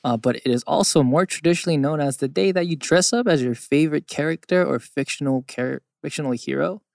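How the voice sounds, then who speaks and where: A man's voice: a little high, brisk, vocal fry, a little mellow, no room sound, studio quality. A young man from California co-hosting a podcast, chatting casually with playful, joking banter. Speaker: podcast co-host. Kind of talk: casual chat.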